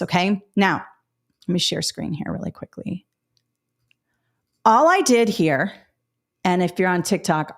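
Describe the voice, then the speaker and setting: A middle-aged woman hosting a live teaching webinar, talking directly and casually with frequent fillers. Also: medium pitch. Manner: chatty, direct, many fillers and asides. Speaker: education webinar host.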